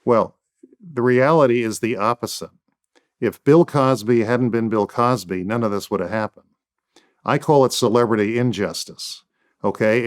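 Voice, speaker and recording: A man appears as a guest defense attorney in an interview, answering with firm points in emphatic, repeated phrases. He speaks at medium pitch and a moderate pace.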